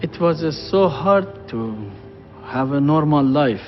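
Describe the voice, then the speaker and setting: A middle-aged man speaking in a documentary interview, halting and hesitant, with broken non-native grammar. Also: a little high, expressive, music in the background. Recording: dull lo-fi documentary audio.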